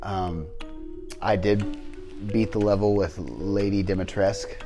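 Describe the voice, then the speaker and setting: A man with a low-pitched voice talks through a podcast in loose, casual chat. He rambles, restarts sentences and leans on fillers. Faint music sits under the talk. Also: steady tone, unhurried. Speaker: podcast co-host.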